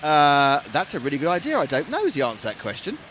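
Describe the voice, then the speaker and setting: Jokey guy in his 50s commentating a live race stream, voice sits a bit high and swoops around a lot. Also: wildly swooping pitch, fast, fairly bright tone, slight background noise. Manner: chatty, jokey, rambling.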